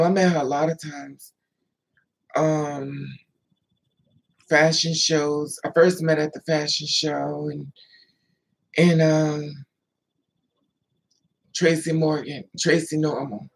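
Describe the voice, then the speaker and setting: A woman's voice: low-pitched, gravelly, low-quality recording. A woman telling stories in a loose, chatty way, stopping to answer viewers by name. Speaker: livestream host. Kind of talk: casual storytelling chat.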